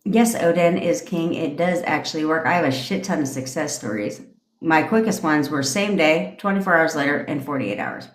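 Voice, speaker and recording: A woman's voice: deep voice, lively intonation, normal speed. Blunt, profane woman coach in an echoey room. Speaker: manifestation coach. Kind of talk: livestream pep talk. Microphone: phone.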